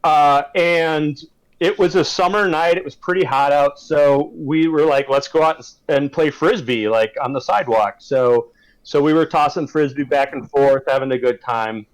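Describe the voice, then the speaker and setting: Man telling a tense story, measured. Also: a little high, poor audio. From Madison, Wisconsin. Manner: measured, deliberate build-up with hesitations. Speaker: tabletop game player. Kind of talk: casual storytelling among friends.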